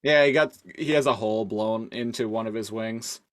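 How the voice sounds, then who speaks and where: A man's voice: on the low side, moderate pace. A man co-hosting a podcast, recapping a cartoon episode in loose casual chat full of "like" and "uh". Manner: loose, filler-heavy recap with frequent "like". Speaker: podcast co-host.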